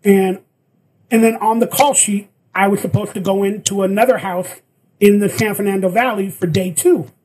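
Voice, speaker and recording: A man's voice: high-pitched, normal speed, slight background noise, low-quality recording. A man telling a story in casual chat, acting out the lines of the people in it. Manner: animated, acts out quoted lines. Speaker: guest actor.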